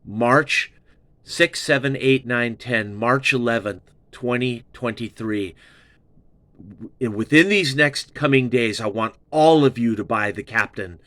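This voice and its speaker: Slow-talking, gushing male album reviewer. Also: medium pitch, sharp tone, dry recording. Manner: gushing, profane, repeats himself. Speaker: music reviewer, show host.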